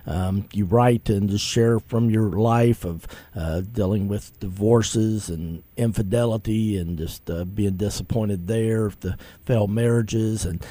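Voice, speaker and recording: A male host leads a radio interview in an easygoing, conversational manner, often pausing on fillers. His voice is low and warm. It is recorded dry, with faint music in the background. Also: no room sound. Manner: relaxed, conversational, many fillers. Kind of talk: interview hosting.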